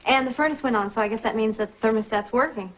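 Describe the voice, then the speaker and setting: An actress playing an anxious, loving wife and best friend in a soap opera, talking with emotion. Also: female voice, on the high side, fast, natural voice, low-quality recording. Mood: light. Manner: emotional and pleading, soft when tender.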